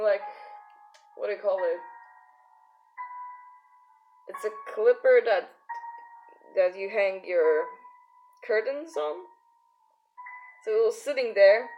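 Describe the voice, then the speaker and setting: A young woman streamer chats casually while painting, giggling and filling her talk with "like". Her voice sits a little high and she speaks slowly. Soft music plays in the background. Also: rough recording. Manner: giggly, chatty, many fillers. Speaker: art streamer. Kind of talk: casual live-stream chat.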